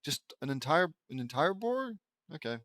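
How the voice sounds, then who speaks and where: A man's voice: fairly high pitch, sing-song, normal speed, fairly bright tone, no room sound. A man reading fan fiction aloud and mocking it with dry, sarcastic asides. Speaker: reader commenting on fan fiction. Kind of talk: sarcastic dramatic reading with commentary.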